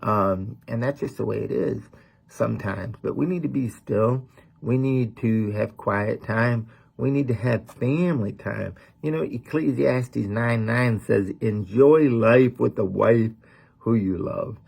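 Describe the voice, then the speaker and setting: A man's voice: mid-range voice, measured pace, creaky, a little mellow, slightly rough. A middle-aged man preaching a sermon as a pastor, talking in a folksy, conversational way with lots of "man" and "you know.".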